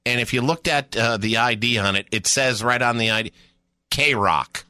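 A man co-hosting a radio show, chatting casually in an animated way and laughing easily. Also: mid-range voice, normal speed.

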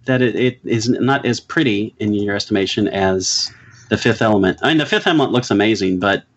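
Heard on a muffled recording, a middle-aged podcast co-host speaks briskly in a fairly low voice. He chats casually and sincerely about old movies and laughs with ease.

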